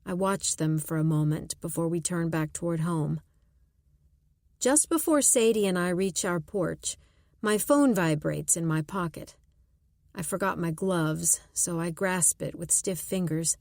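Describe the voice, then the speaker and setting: A woman narrating a suspense audiobook in first person, measured and tense. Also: lowish voice, gravelly, a little mellow, no echo, studio quality.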